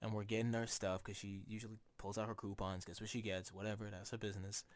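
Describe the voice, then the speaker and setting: A man's voice: lowish voice, little pitch movement, fast. A young man co-hosting a podcast, telling rambling, swear-filled stories about his family in casual chat. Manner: rambling storyteller, swears freely, acts out relatives' lines. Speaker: podcast co-host.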